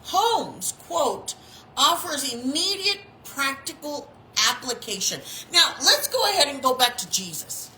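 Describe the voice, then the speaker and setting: A woman chaplain in her fifties delivers a sermon in a high, bright voice. Her pitch leaps up and down as she talks. She preaches with animation and acts out the people she quotes. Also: big pitch swings, measured pace, slight background noise, low-quality recording. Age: 50s.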